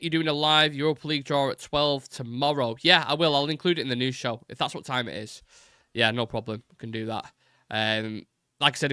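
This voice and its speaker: A man hosting a live football fan show, fast-talking and rambling with many fillers while reading chat messages. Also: medium pitch, sharp tone, clean tone, dry recording, studio quality.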